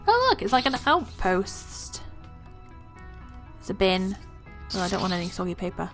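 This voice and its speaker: A woman hosting a let's play, chatting casually and excitedly about what she sees in the game. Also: medium pitch, moderate pace, soft background music. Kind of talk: casual gameplay commentary.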